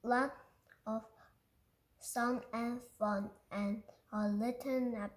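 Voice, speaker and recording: A Korean-native woman reads a children's picture book aloud, carefully and haltingly, restarting words as she goes. Her voice sits a little high and she reads very slowly. The room around her is echoey. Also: steady tone. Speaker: reader.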